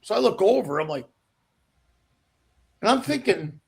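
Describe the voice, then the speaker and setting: A man from Canada, a guest comedian on a podcast, telling animated, profane stories and acting out the people in them. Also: high-pitched, a little slow, gravelly. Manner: animated, profane anecdotes with acted-out voices. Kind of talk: storytelling podcast chat.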